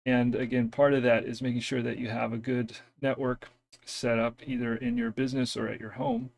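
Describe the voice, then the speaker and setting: A man with a gravelly edge in his voice hosts a casual networking live stream from his home setup. He talks in a hesitant, loose way, pausing with fillers and making self-deprecating asides about his audio. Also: medium pitch, level tone, a little mellow. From US East Coast.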